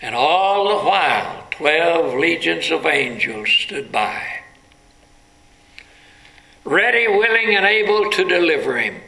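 A male preacher speaking slowly and deliberately, his voice gravelly and sharply bright. He tells the story dramatically, climbing to emphatic peaks. The sound carries the echo of a large room. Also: on the high side, lively intonation. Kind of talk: sermon. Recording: echoey room.

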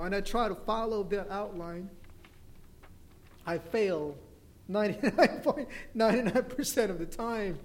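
High-voiced, slow-preaching pastor. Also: male voice, a little hiss or hum. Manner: preaches with humor, asks the congregation "amen?". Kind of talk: sermon.

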